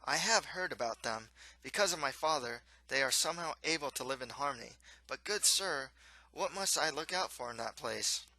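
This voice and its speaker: A man voicing a clumsy, not-so-bright young prince who speaks with polite, old-fashioned courtesy, in a storybook reading. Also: mid-range voice, lively intonation, moderate pace, no echo, poor audio. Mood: earnest. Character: dim-witted, clumsy young male prince.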